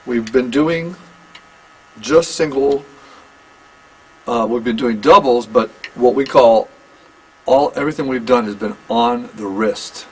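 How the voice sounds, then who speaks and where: A man teaching a private drum lesson, explaining technique in halting phrases with restarts and frequent check-ins with his student. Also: medium pitch, slightly rough. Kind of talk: one-on-one instrument lesson.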